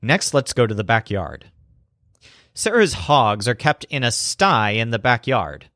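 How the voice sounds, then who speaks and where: A man narrating a scripted language lesson as teacher, slowing down to spell out example phrases. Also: medium pitch, very animated, bright, forceful tone, no echo, clean studio sound.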